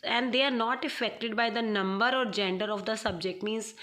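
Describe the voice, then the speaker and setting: A woman's voice: a little high, fairly even intonation, normal speed, a bit bright. A woman teaching a grammar lesson to students in a recorded online class. She hesitates often with fillers and repeats her points for emphasis. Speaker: English teacher. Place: home.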